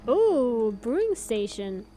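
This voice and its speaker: A woman's voice: a little high, very animated, slow, dark tone, soft background music. A young Canadian woman with a Canadian accent, chatting casually and laughing often while streaming a game and answering chat.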